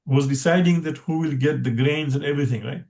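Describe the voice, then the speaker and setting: A man teaching a language class online in a halting way, often checking in with "right?" and quickly chanting verses. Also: fairly high pitch, darkish tone.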